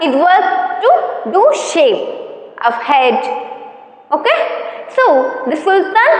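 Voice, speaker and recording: Woman teacher, Indian English accent, high lively voice, repeats and checks understanding, echoey hall. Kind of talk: explaining a story to pupils.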